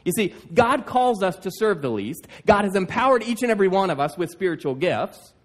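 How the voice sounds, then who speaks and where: Animated, high-voiced male pastor. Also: brisk. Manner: emphatic and lively, with repeated "like, like" and stammered restarts. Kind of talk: sermon.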